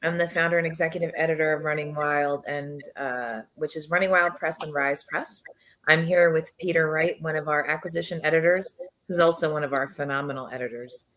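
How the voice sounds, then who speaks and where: Low-voiced, travel-worn woman host. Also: fairly quick, low-quality recording. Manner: chatty, relaxed, many fillers and laughs. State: low husky voice from travel fatigue. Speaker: founder and executive editor of a press, host. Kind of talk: casual live-stream chat.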